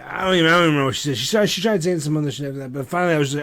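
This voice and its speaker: A man's voice: on the high side, rapid-fire, few pauses, fairly bright tone. A man co-hosting a podcast, telling a long story in casual chat, swearing freely and laughing at his own tale. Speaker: podcast co-host.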